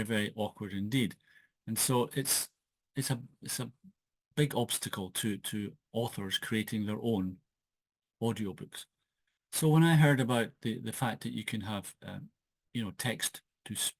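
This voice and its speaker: Recorded on his laptop's built-in mic at a wooden desk in his home office, a Scottish man who is an author chats through a casual solo podcast for his channel. His low voice has no echo, and his talk is hesitant, with many fillers and restarts.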